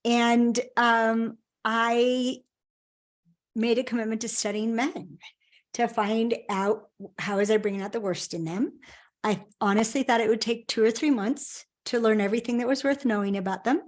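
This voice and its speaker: A woman's voice: on the high side, fairly even intonation, moderate pace. A middle-aged woman, a guest author in a conversational interview, telling her story earnestly and with emphasis.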